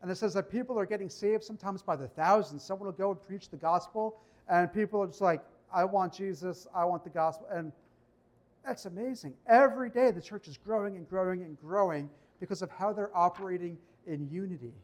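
High-voiced male pastor preaching. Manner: conversational preaching, reads scripture slowly. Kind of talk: sermon. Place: church.

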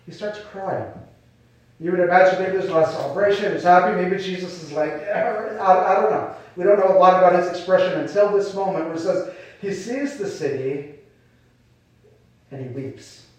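Male pastor, slightly high voice, conversational sermon delivery; very reverberant hall, distant mic. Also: normal speed. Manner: explains scripture in a casual, conversational way with rhetorical questions. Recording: very echoey room, voice from a distance.

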